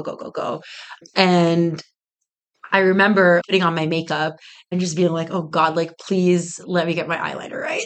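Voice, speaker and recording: A young woman in her twenties, a business co-founder, telling a story in an interview with animated delivery, frequent laughter and lots of "like" fillers. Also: on the low side. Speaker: guest, tea business co-founder.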